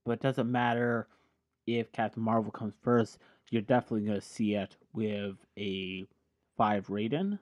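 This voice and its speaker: A man's voice: fairly low pitch, fairly even intonation, normal speed, dry recording. A tipsy man hosting a casual podcast chat, rambling and correcting himself as he goes. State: tipsy from drinking. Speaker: podcast host. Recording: dull lo-fi sound.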